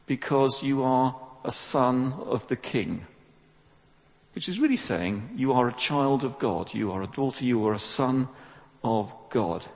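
Guy giving a chatty sermon, long echo, kinda muffled sound. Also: mid-range voice. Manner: lively, conversational preaching with asides. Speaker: preacher. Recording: dull, echoey church recording.

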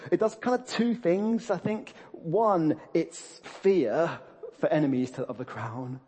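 A man delivers a sermon in a husky, slightly high voice. He is animated, laughs often and restarts his sentences, swinging between playful asides and sober emphasis. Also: takes it slowly. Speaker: preacher.

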